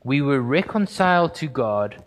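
A man preaching a sermon, retelling a story with vivid drama and dropping low and slow for the quiet, solemn passages. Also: animated, long reverb tail, a little hiss or hum. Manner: dramatic storytelling, acting out crowd and Pilate in a raised voice.

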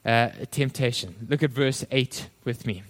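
A male pastor preaching a sermon, addressing listeners as friends and acting out the quoted voices with animated shifts. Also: mid-range voice, measured pace.

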